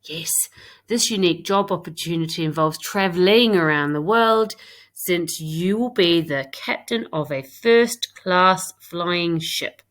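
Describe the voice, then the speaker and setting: A woman's voice: on the low side, measured pace, a bit bright. A woman with a British accent, a primary school teacher giving a recorded English lesson to young pupils. She reads her own writing aloud and talks it through step by step.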